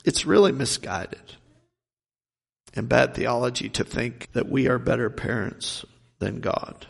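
A man preaching a sermon, asking rhetorical questions and swinging between loud and hushed delivery. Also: mid-range voice, unhurried, creaky, slightly rough, in a large hall.

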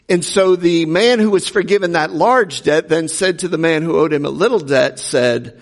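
A male pastor gives a sermon in a church sanctuary with a long, ringing reverb. His voice sits a bit high for a man and has a gravelly fry. He tells the story earnestly and keeps turning to the listeners with rhetorical questions. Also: normal speed, few pauses. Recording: long reverb of a large hall.

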